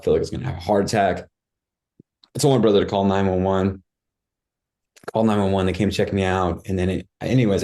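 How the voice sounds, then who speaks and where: A man with a deep, warm voice appears as a guest on a podcast, telling his life story. He speaks candidly and casually, meandering with many fillers and restarts along the way.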